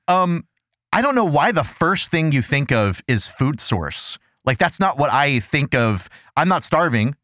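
A man hosting a comedic podcast, talking in an animated, sarcastic way. His voice is a little high and swings widely. The sound is dry and close. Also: measured pace, no room sound. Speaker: podcast host. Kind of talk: casual comedic chat.

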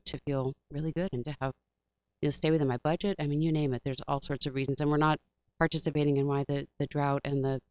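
Chatty actress guest, low smooth voice, close dry muffled studio sound. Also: female voice, darkish tone, dry recording. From Washington, D.C. area. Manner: chatty, rambling, acts out quotes in voices. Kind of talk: casual interview chat.

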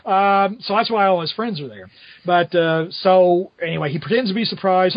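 A high-voiced man hosts a podcast and rambles casually through a comic-book recap, with plenty of "you know." The sound is dry and close, though the audio is dull and lo-fi. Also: animated, moderate pace, no room sound. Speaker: podcast host.

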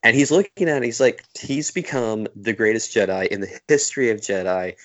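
Lower-voiced male co-host, eager fan recapping a favorite scene in casual chat. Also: brisk. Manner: enthusiastic, animated storytelling. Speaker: podcast co-host.

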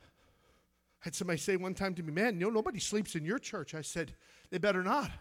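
A man preaches with an emphatic, high voice, stumbling and restarting as he finds his verses. The church around him leaves a long reverb on every word. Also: animated, a bit bright. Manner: emphatic, reads scripture aloud with halting restarts. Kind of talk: sermon.

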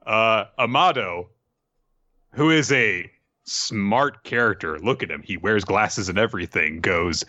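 Animated guy chatting, dull lo-fi dry mic. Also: fairly low pitch, unhurried, no room sound. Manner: animated, wry. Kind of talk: casual chat recapping a comic.

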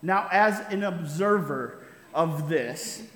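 Speaking slowly in a slightly high, fairly bright voice, a man preaches a sermon built around a story. He's a pastor who keeps adding "right?" and chuckling, and the hall gives a roomy reverb.

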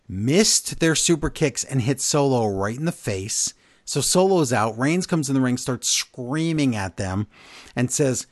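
A man's voice: mid-range voice, unhurried, no room sound, studio quality. Blunt, opinionated male podcast host. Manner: animated storyteller, blunt and opinionated. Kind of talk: casual wrestling recap chat.

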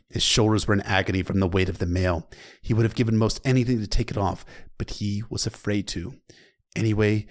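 A man retelling a novel's chapter in a loose, conversational way, with casual asides to the listener. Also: lowish voice. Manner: loose and conversational, with occasional profanity. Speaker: storyteller.

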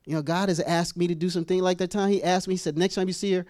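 A man preaching a humorous storytelling sermon as pastor, acting out scenes with sudden high squeals and laughter. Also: racing, dry recording, clean studio sound. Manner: animated, acts out voices with sudden high-pitched squeals and laughs.

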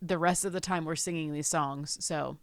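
A woman's voice: deep voice, steady tone, no room sound, clean studio sound. Chatty woman podcast co-host. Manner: chatty, quick asides, acts out quotes. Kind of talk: casual chat.

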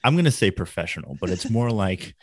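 A man's voice: deep voice, very animated, fairly quick, dry recording. A man who is a podcast guest, telling a long story in a rambling, filler-heavy way. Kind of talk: casual storytelling.

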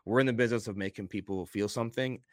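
Middle-aged guy, low smooth voice, earnest storyteller in a chatty interview. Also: steady tone, racing, dry recording, clean studio sound. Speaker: wrestler guest. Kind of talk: casual interview chat.

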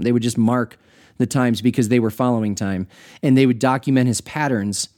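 Mellow-voiced man musing on rhythm. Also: medium pitch. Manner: conversational, self-amused, with asides to the listener. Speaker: podcast host. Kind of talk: reflective spoken teaching.

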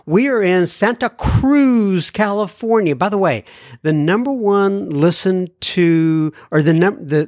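A man's voice: a little high, no echo, clean studio sound. A man from Texas hosting a podcast, casually reading and answering listener messages. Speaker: podcast host.

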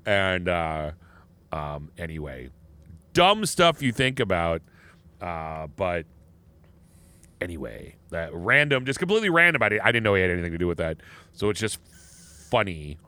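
Bright-voiced rambling podcast co-host, a man. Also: sits low, big pitch swings, normal speed, pauses often. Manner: rambling, with many false starts. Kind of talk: casual chat.

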